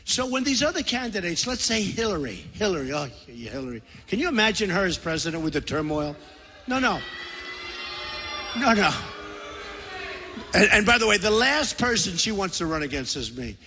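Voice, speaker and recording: A man's voice: high-pitched, pushed and bright, a little hiss or hum. A man in his sixties giving a boastful, rambling, repetitive campaign rally speech in a large convention center. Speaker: political candidate. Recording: long hall reverb.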